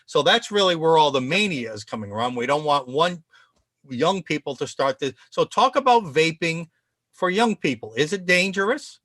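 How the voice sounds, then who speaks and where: A man's voice: a little high, expressive, normal speed, sharp tone, no room sound, studio quality. A man hosting a political talk show over a video call, opinionated and sarcastic, rambling between points. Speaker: show host.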